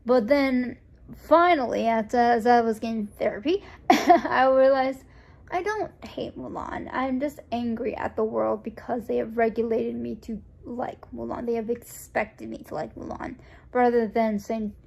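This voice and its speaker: Her voice sits on the high side and has a gravelly edge, and she speaks a little slowly. This young American-raised vlogger tells a personal story loosely and ramblingly, full of fillers and restarts, performing other people's dialogue with animation.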